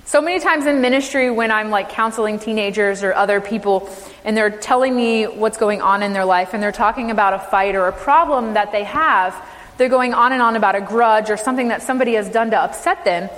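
A woman's voice: medium pitch, a little fast, a bit bright, big-room sound, rough recording. A woman minister preaching a sermon, emphatic, with rhetorical questions to her congregation.

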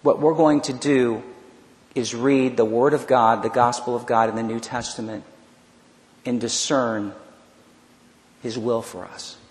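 A man preaching a personal testimony sermon, telling his story in an animated way with frequent restarts. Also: medium pitch, a little slow, long pauses. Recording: echoey hall, long reverb.

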